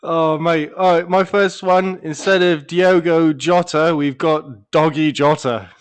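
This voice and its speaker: Lad, fairly high voice, swears and laughs through casual podcast banter. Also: male voice, steady tone, measured pace, clean tone. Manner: swears a lot, laughs often, rambling storyteller. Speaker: podcast co-host.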